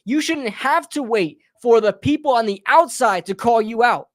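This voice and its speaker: A man's voice: very high voice, lively intonation, moderate pace, dry recording, clean studio sound. A man hosting a live sports talk stream, ranting heatedly and often calling listeners bro and brother. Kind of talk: live fan rant.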